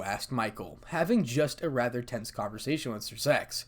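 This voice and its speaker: A man narrating a fan fiction story, reading quickly with small slips. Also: mid-range voice, expressive.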